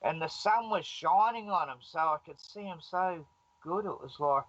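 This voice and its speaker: A man's voice: high voice, normal speed, a bit bright, no echo, dull audio. A man with an Australian accent, a guest telling a rambling, laughing story over a video call. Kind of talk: casual storytelling on a live stream call.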